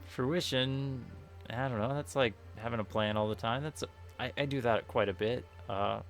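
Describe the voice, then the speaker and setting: Playing a game on stream, this man talks at a medium pitch and normal speed. He rambles and corrects himself while reading the questions aloud, with faint game music in the background.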